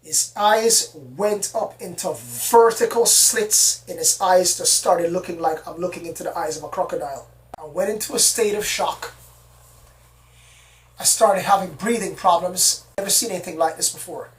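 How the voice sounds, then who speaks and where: An excitable storyteller who rambles through a personal account and keeps repeating words. The voice sits at middle pitch and sounds somewhat far from the mic. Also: moderate pace. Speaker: storyteller recounting an alien encounter. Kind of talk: casual spoken storytelling.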